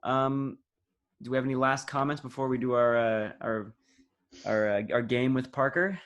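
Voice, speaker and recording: A teenage man runs a quiz on a casual sports podcast, recorded over a video call. His voice sits at a middle pitch. He teases his friends in an upbeat way. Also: moderate pace, a bit bright, dull audio. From United States. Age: teens. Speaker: podcast co-host and quizmaster.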